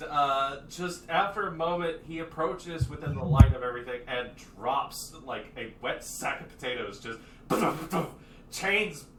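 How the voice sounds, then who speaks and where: A man's voice: on the high side, fairly bright tone. A man narrating a tabletop game as game master, in a casual way with frequent fillers. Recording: roomy room, distant mic, faint noise.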